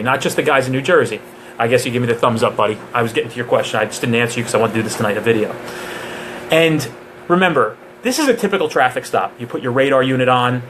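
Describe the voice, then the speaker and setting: A man's voice: mid-range voice, a bit bright, a little hiss or hum. A man who trains police officers, giving a casual live question-and-answer session with jokes and digressions.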